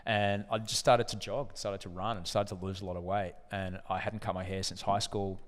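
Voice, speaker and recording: An Australian man in his forties, a broadcaster guest telling animated, profane stories in a casual interview. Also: deep voice, fairly quick. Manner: animated, profane, acts out other people in anecdotes. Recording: echoey room with long reverb.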